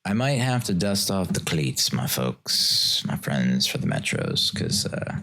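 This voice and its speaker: A man's voice: very deep voice, very animated, unhurried, vocal fry, pushed and bright. A man in his thirties hosting a solo podcast, talking in a rambling, self-mocking way and slipping into sarcastic mock-formal voices. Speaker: podcast host. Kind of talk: casual solo podcast monologue.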